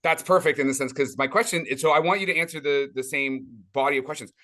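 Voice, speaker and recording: Bright-voiced man hosting a podcast. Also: on the high side, fast talker. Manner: rambling questions with restarts. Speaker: podcast host. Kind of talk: interview questions.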